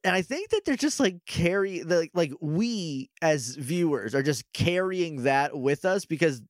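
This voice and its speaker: A man co-hosting a podcast, chatting casually about a show, laughing often and mimicking characters in quick asides. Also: on the high side, lively intonation, no echo, studio quality. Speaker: podcast co-host. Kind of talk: casual chat recapping a show.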